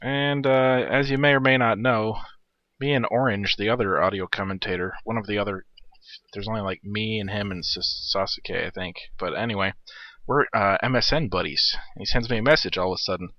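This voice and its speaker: A man in his thirties rambling through a game replay commentary, swearing and joking. His voice sits a little low. It comes through a dry, dull lo-fi recording. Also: a little fast, no room sound. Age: 30s. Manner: irreverent, profane, joking.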